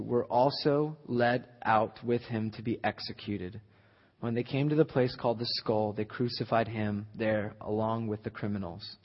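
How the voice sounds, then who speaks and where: Male guest preacher, sermon, husky voice, conversational then emphatic, echoey hall, muffled sound. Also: medium pitch. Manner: conversational, builds to loud emphatic peaks.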